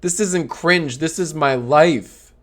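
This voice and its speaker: A man in his thirties chatting casually on a live stream, joking, sarcastic and swearing freely, often breaking into high laughter. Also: takes it slowly, fairly bright tone.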